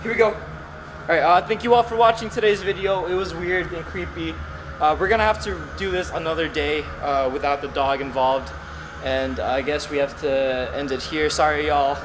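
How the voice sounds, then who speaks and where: A young man hosting a frightened ghost-hunt vlog in a dark house, jumpy and exclaiming and repeating himself. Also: on the high side, normal speed. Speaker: YouTube host. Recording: noisy home video.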